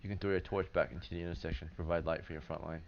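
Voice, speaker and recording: Game master, male, very low voice, loose rambling narration, dull lo-fi stream audio with faint hiss. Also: fairly even intonation, very fast. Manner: loose, filler-heavy narration with frequent "right?" check-ins.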